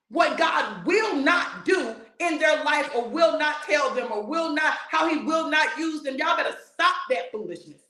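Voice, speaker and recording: A high-voiced woman preaches, hammering the same phrases again and again and breaking into shouts. The sound is roomy and echoey. She drives a sermon straight at her listeners. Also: expressive, unhurried, few pauses. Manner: fiery, repetitive exhortation with shouts and laughs.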